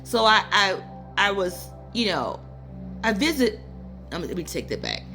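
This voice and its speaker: A woman's voice: mid-range voice, big pitch swings, unhurried, pushed and bright, soft background music. A woman in her fifties speaking into her phone in a rambling, personal way, near tears, full of fillers and asides. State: tearful, near crying. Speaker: spiritual channel host. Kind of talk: casual spiritual talk to viewers.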